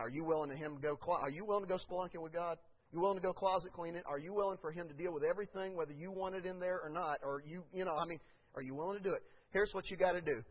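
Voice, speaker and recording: A man preaching a sermon as pastor, swinging from hushed asides to shouted peaks. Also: a little high. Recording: dull lo-fi recording.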